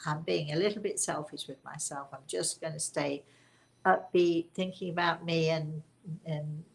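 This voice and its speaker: A woman's voice: low voice, fairly even intonation, moderate pace, gravelly. Chatty older woman hosting a live Q&A. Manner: chatty, rambling, self-correcting, laughs often. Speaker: spiritual medium hosting a live Q&A. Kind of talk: casual live-stream chat.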